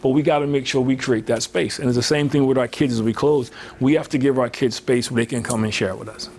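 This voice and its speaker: A man's voice: mid-range voice, fairly even intonation, fast, darkish tone. Chatty man giving a motivational talk. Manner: conversational, fills with "you know", acts out quoted voices. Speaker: motivational speaker.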